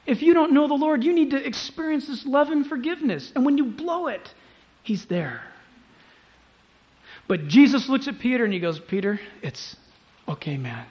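A pastor preaching a sermon to a church congregation, emphatic and swinging between loud urging and hushed tones. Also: male voice, extremely high pitch, lively intonation, moderate pace. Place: church service before a congregation.

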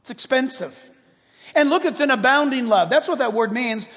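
A man preaching a sermon as a pastor, animated and conversational, acting out quoted prayers and joking with the congregation. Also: very high-pitched, moderate pace, long reverb tail.

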